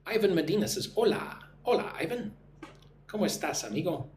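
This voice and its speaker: An American man with a high, animated voice and a darkish tone teaches English on a live stream, talking fairly quickly. He greets viewers by name and drills phrases for them to repeat, in an echoey room with a faint hum.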